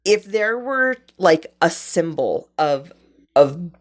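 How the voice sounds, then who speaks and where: Woman, low voice, podcast co-host, casual chat, emphatic and blunt. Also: very animated, takes it slowly. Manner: emphatic, swears freely.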